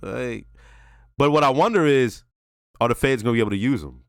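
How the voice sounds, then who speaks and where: Profane, animated man reviewing a TV episode. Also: medium pitch, fairly quick, dry recording, studio quality. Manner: animated, profane, talks straight to viewers. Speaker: TV reaction channel host.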